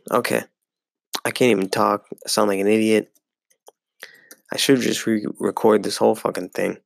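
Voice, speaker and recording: Alone on his casual sports podcast, a young host with a creaky, gravelly, fairly low voice rambles and curses freely. He keeps filling pauses with "um" and "like," and the sound is close and dry with barely any echo.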